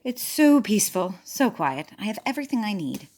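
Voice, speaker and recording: A woman voicing a fussy, orderly male duck who guards his quiet pond, in a storybook reading. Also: mid-range voice, big pitch swings, fairly quick. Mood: contented. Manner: prim, particular, snaps when crowded.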